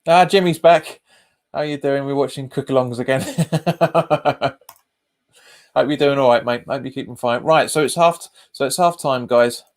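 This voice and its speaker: A man's voice: mid-range voice, moderate pace. A man hosting a live football watch-along stream, chatting casually with viewers and often calling them "mate," recorded on a webcam. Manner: chatty, reacts to live chat comments and the match. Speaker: host of a football fan channel.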